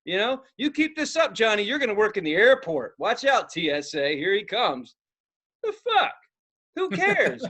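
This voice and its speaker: At a moderate pace with few pauses, a high-voiced man co-hosts a podcast. He swears constantly through an animated, comedic story, voicing each of its characters himself.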